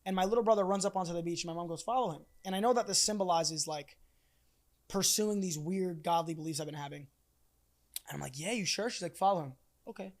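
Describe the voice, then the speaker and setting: A man's voice: sits high, fast talker. A young man guesting on a podcast, telling a story casually and animatedly, with swearing and lots of fillers.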